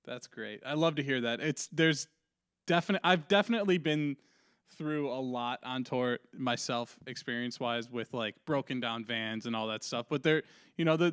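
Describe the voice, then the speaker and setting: Brief: male podcast host, clear smooth voice, easygoing, dry studio sound. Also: mid-range voice, a bit bright, no room sound. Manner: easygoing, brief reactions and wrap-up. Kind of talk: casual interview.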